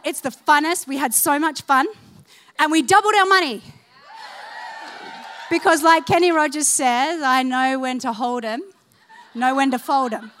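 A woman preaching a sermon, telling funny stories, laughing along and calling on the congregation to respond. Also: high voice. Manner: animated, humorous, laughing through stories. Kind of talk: sermon with storytelling.

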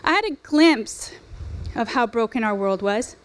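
A woman's voice: a little high, expressive, measured pace. A woman in her forties giving an earnest, conversational sermon with personal testimony, using fillers and rhetorical questions. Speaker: speaker at a women's ministry event.

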